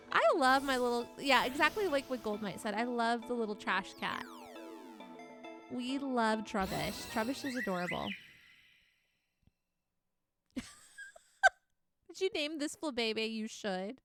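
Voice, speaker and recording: Bubbly young woman streaming a game, kinda high voice, reads chat and giggles a lot, faint music behind. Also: slow, long pauses, pushed and bright. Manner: bubbly, reads chat aloud, laughs often.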